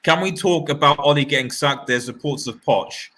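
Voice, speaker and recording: A man hosting a live-stream football chat, talking in an animated, rambling way with many restarts. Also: fairly high pitch, normal speed. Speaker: fan channel host.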